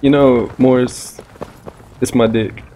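A man's voice: medium pitch, fairly even intonation, slow pace, dark tone, a little hiss or hum, poor audio. A man in casual multiplayer voice chat, bantering wryly with teammates while the game's gunfire plays faintly behind him. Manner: joking, wry banter with teammates. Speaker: gameplay streamer.

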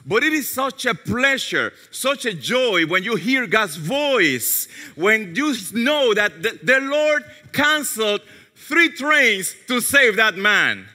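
A male pastor preaching a sermon, telling a story and dropping softly into quoted prayers. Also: sits high, very animated, slow. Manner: storytelling, drops to soft tones for quoted prayers. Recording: long hall reverb.

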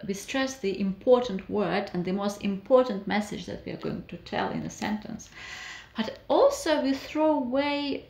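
A woman, a former student now co-hosting, talking in a lively way with frequent fillers. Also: fairly high pitch. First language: Russian. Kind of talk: conversational lesson. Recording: roomy echo.

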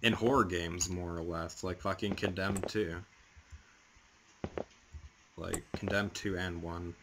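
A man's voice: sits low, fairly even intonation, slow pace, noisy background. A young man from Canada narrating a horror game as he plays, swearing a lot and talking himself through the scares. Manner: profane, jumpy, talks himself through scares. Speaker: gaming channel host. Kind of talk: horror game let's play commentary.

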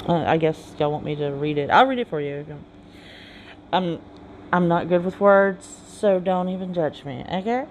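A gamer reading game dialogue aloud in a halting way, with chatty asides in between. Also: mid-range voice, a little hiss or hum, low-quality recording. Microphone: phone game recording with mic.

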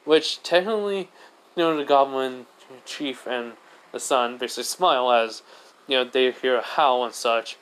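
A man's voice: mid-range voice, moderate pace, fairly bright tone, rough recording. A man narrating a fan-made what-if story in a rambling, casual way. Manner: rambling, many fillers and restarts.

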